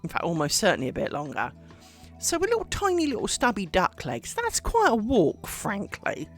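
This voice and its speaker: Animated, rambling woman streamer. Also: medium pitch, brisk, soft background music. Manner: rambling, animated storytelling with many fillers. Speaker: craft streamer. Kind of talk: casual chat while making lace.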